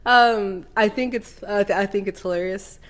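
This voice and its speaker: A woman's voice: mid-range voice, normal speed. A woman co-hosting a podcast in casual chat, rambling with many fillers and casual swearing. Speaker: podcast co-host.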